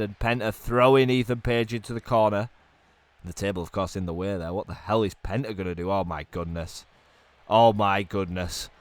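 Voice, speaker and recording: A man doing excited play-by-play commentary on a wrestling video game while ill, dropping to low mutters and then bursting into shouts. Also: clear, resonant tone, no room sound. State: ill, coughing.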